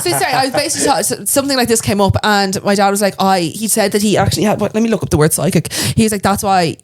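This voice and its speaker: A young Irish woman rattles through stories at a fast clip, her voice sitting at an ordinary middle pitch. She slips into the voices of the people she quotes, then snaps back into easy, chatty podcast talk with her co-host. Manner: animated storyteller, acts out quotes. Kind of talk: casual chat.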